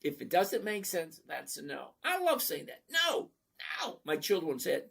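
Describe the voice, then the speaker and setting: A man's voice: on the high side, wildly swooping pitch, normal speed, vocal fry, fairly bright tone, breathy edge. A man in his fifties hosting a casual live stream, chatty and jokey as he greets viewers one by one and teaches investing.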